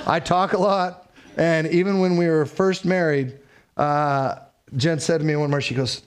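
A man's voice: on the high side, steady tone, moderate pace, a little hiss or hum. A middle-aged man, a pastor, preaching a sermon in a conversational way with personal stories.

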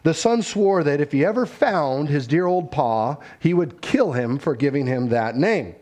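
A middle-aged man preaching a sermon in an earnest, conversational way, with quick asides. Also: a little high, lively intonation, a little mellow. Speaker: pastor.

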